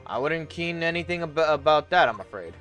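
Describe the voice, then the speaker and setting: A man's voice: a little high, animated, fairly quick, fairly bright tone, faint music behind. A man voicing a guarded, evasive middle-aged prison governor in an attempted Scottish accent, reading game lines aloud and tripping over words.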